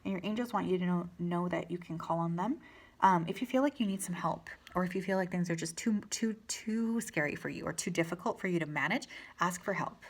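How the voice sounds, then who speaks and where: Soft-spoken woman giving a tarot reading. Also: on the low side, a little fast. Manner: gentle, reassuring, chatty with fillers. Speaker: tarot reader.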